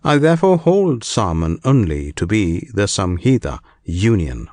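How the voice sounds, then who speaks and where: A man reads ancient scripture in a slow, deliberate, solemn cadence. His pitch rises and falls expressively across each phrase, and the recording is dry and close with no room sound. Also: very animated, a little mellow, no room sound. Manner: slow, measured, solemn reading. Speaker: narrator.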